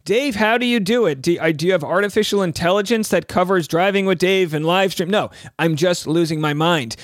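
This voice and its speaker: A man with a fairly high voice hosts a commentary podcast, and he is animated and sarcastic, full of rambling asides. His voice sounds dry and close to the mic, with no room sound at all. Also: a little fast, no echo. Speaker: podcast host.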